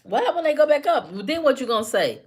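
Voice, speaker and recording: Woman, live-stream host, casual chat, teasing banter with viewers, slightly high voice. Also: very animated, fast, a little mellow. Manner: talks back to chat commenters by name, teasing and repetitive.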